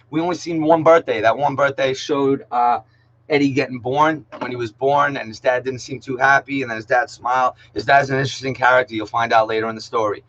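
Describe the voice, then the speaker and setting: Over lo-fi audio, a man with a mid-range, somewhat bright voice teaches middle school English online. He keeps it loose and jokey, slangy, dropping "yo" all the time and calling out students by name.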